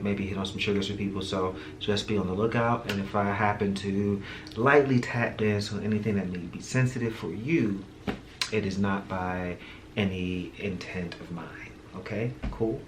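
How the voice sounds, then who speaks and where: A man's voice: on the low side, steady tone, moderate pace. Tired chatty man in an echoey room. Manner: chatty, candid, laughs often, slangy. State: tired, low energy. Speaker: podcast host. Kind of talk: casual solo vlog talk. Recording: echoey room with audible background noise.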